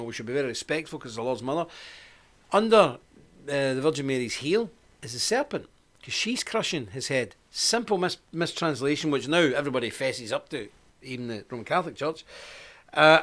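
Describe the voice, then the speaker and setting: A middle-aged man with a lilt hosts a casual live stream. He talks in an easy, rambling way, greeting people by name and laughing at his own jokes. His voice sits a little higher than most men's. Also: fairly bright tone.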